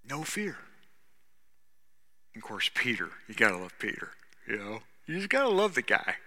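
A man preaching a sermon as pastor, talking conversationally and swinging between loud stretches and hushed ones. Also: medium pitch, big pitch swings, moderate pace. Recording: long reverb of a large hall.

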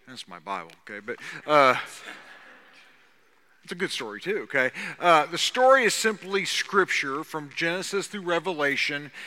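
Male pastor, bright and ringing tone, folksy and conversational, church reverb. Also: high-pitched. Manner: folksy, conversational, with frequent "okay?". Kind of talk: prayer and church announcements. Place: church sanctuary. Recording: long hall reverb.

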